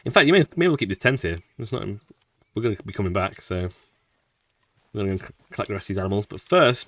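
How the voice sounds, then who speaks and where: A man's voice: lowish voice, expressive, quick pace, fairly bright tone, no room sound, distant mic. A man casually commenting on his playthrough as a gaming streamer, chatty with mumbled asides. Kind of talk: casual let's-play commentary.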